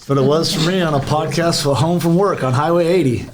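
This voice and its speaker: A man co-hosting a podcast, telling a story in an animated, profane way in casual chat. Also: fairly high pitch, brisk, crowd noise. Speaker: podcast co-host.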